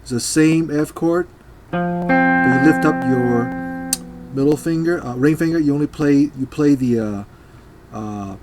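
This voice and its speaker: A man's voice: on the high side, a little slow, pauses often. A man teaching a guitar part in a casual, hesitant way, with many fillers and beats counted aloud. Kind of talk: casual instructional talk. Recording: loud guitar playing behind. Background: guitar playing.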